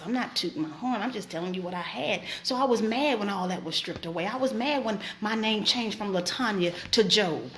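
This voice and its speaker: High-voiced preacher woman, emphatic. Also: slight background noise. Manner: emphatic, colloquial, animated storytelling. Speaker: host and preacher. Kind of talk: casual faith talk.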